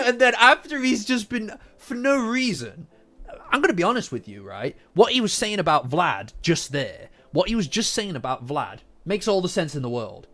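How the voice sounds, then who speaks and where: A man hosting a casual manga reaction, animated and profane, repeating lines for emphasis. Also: sits high, normal speed. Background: faint lofi background music.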